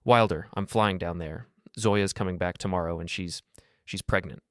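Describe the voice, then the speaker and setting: A man voicing a worried, meddling sister-in-law who talks anxiously and pleads, pitched higher than his own voice. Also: normal speed, fairly bright tone, no echo, studio quality.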